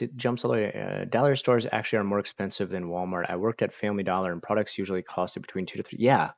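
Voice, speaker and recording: A man's voice: sits low, fast talker, gravelly, few pauses, no room sound, muffled recording. A young man from Florida chatting casually on a livestream from home, reading chat and reacting with lots of fillers. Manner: chatty, animated when quoting people, many fillers. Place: home room.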